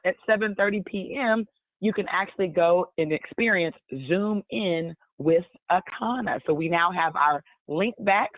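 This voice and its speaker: A woman hosting a business conference call, brisk and upbeat as she announces the schedule. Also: fairly low pitch, dry recording. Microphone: phone. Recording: dry phone line.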